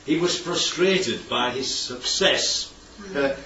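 A man preaches slowly in a chatty, conversational sermon, often asking his listeners rhetorical questions. His medium-pitched voice sounds pushed and bright. The recording is distant and dull, made in an echoey hall with slight background noise.

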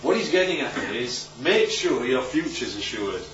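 A man's voice: mid-range voice, sing-song, moderate pace, a bit bright, faint music behind. A male preacher giving an informal Bible talk, conversational and often checking in with his listeners. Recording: roomy, distant, dull recording.

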